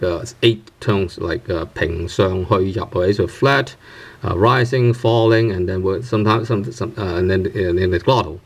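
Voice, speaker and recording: A man giving an unscripted language lesson, explaining things step by step with many fillers and restarts, often asking "right?" and saying example syllables aloud to show each pitch. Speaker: language teacher.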